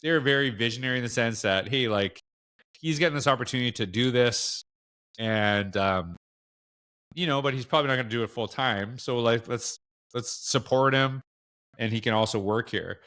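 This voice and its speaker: A middle-aged man with a Canadian accent chats as a podcast guest. His pitch sits in an ordinary middle range. He rambles loosely, full of fillers and self-corrections. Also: normal speed, a bit bright, clean tone. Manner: rambling, lots of fillers and restarts, acts out quoted dialogue. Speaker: podcast guest, education speaker. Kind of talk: casual interview chat.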